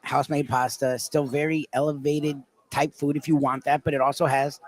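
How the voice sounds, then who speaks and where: Chatty guy w a higher voice, rambling about family dinners, laughs a lot. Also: level tone, moderate pace. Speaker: guest. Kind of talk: casual chat.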